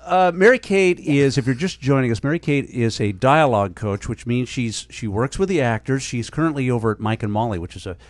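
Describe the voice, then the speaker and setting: A man's voice: medium pitch, animated, brisk, hardly any pauses, no room sound. A man hosting a radio talk show, joking and teasing his guest in loose banter. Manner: wisecracking, teasing.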